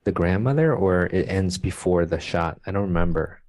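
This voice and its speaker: A man's voice: deep voice, moderate pace, darkish tone, dry recording. A man co-hosting a podcast, chatting casually about books and reading passages aloud, laughing often and restarting his sentences. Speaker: podcast co-host. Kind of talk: casual literary chat with read-aloud passages.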